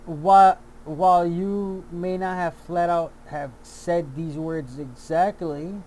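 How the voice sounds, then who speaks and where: A man's voice: a little high, steady tone, slow pace, warm tone. A man delivering a heated, profane commentary rant, often repeating himself and restarting his sentences. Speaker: YouTube commentator. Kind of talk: angry ranting commentary.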